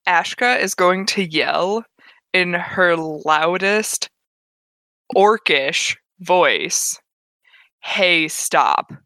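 A woman playing a tabletop game with a low, bright voice. She speaks slowly and dryly, and the sound is close with little room echo. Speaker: player. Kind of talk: casual tabletop chat.

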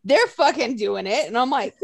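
High-pitched woman telling stories, swears a lot, voice swoops all over, dry sound. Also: moderate pace, vocal fry, no room sound. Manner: animated storytelling, swears a lot, acts out quotes. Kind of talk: casual chat.

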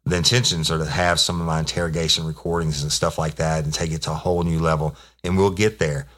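A man's voice: a bass voice, level tone, quick pace, fairly bright tone. A middle-aged man, casually telling a rambling, profane police story as podcast host.

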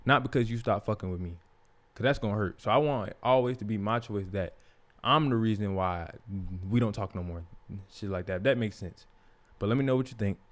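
A man's voice: lowish voice, brisk. A young man, telling a personal story as a podcast host in a candid, profane, casual way. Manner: profane, candid, animated when quoting others.

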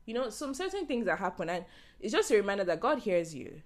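A woman's voice: medium pitch, big pitch swings, fast talker. A young woman hosting a solo podcast, talking casually and animatedly and laughing often. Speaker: podcast host.

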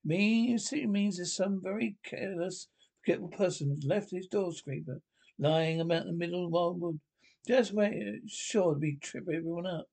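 Brief: a man doing a fussy, grumbling storybook mole with a husky edge. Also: high voice, normal speed, darkish tone. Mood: peevish. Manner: peevish and complaining. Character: grumpy, literal-minded male mole. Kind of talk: storybook reading.

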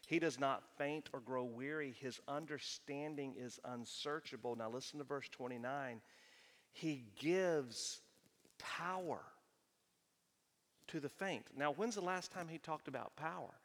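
A middle-aged man preaching a sermon, swinging between hushed, slow passages and loud, emphatic ones. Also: mid-range voice, lively intonation, long reverb tail. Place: church sanctuary.

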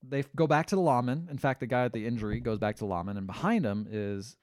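A man's voice: mid-range voice, quick pace, no room sound, clean studio sound. A man co-hosting a podcast, joking casually about a movie and acting out its lines. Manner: animated, jokey, acts out movie lines. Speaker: podcast co-host.

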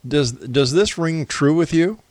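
A man hosting an interview, asking measured questions that he builds up step by step. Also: fairly high pitch, a little mellow, no echo. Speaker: radio interview host.

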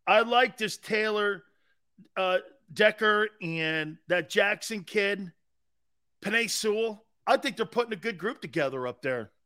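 Sitting high in pitch, this middle-aged man's voice carries a sports talk radio show. He rants with sarcasm and bombast, punctuated by shouting.

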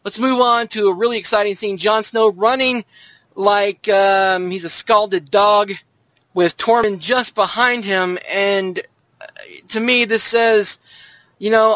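A man's voice: high-pitched, steady tone, slow, a bit bright, no room sound. A man hosting a podcast, leading a joking, casual discussion of a TV trailer. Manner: jokey, leads the discussion. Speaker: podcast host. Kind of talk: casual chat about a TV trailer.

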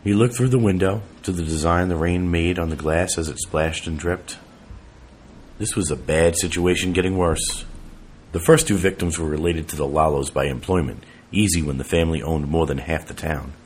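A man narrating an audiobook in a steady, even reading voice. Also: low-pitched, moderate pace, a little hiss or hum.

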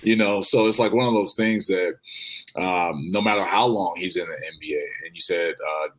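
Deep-voiced man from Chicago. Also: normal speed, fairly bright tone, low-quality recording. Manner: loose, rambling, with many fillers. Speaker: podcast co-host. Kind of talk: casual sports chat.

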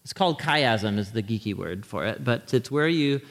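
A man giving a conversational sermon with slides, talking straight to his listeners in an animated way and often restarting his sentences. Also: medium pitch, moderate pace. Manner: animated, talks to the audience directly, frequent restarts. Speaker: teacher preaching a sermon series. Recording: long hall reverb.

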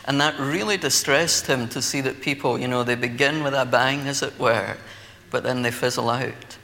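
A man's voice: mid-range voice, fairly even intonation, moderate pace, vocal fry, few pauses, bright, forceful tone. A Scottish man preaching a sermon, telling stories in a conversational way with light laughter. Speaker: pastor. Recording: long hall reverb, faint ambience.

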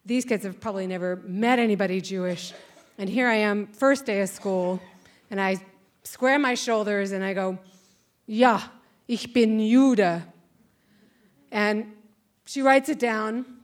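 A woman's voice: mid-range voice, moderate pace. A woman in her sixties telling a wry personal story on a stage before a live audience, acting out the voices of the people in it. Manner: conversational, wry, acts out voices.

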